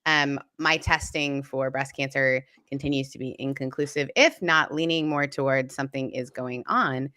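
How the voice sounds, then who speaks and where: Bright-voiced low-pitched Canadian woman. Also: clear, resonant tone, no echo, clean studio sound. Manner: candid storytelling with animated quoted voices. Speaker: co-host. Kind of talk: casual live-stream chat.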